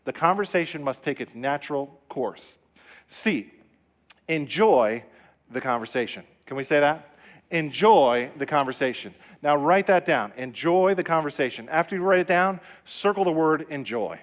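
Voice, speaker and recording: Emphatic middle-aged pastor preaching. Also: male voice, a little high, animated, moderate pace. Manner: emphatic, repetitive, call-and-response. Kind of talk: sermon. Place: church sanctuary.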